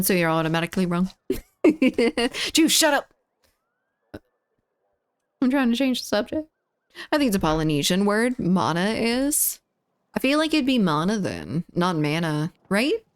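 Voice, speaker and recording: Playful woman streamer chatting while gaming. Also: fairly low pitch. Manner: playful, chatty, reads chat aloud, quick laughs. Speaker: game streamer. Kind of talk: casual live-stream chat while gaming.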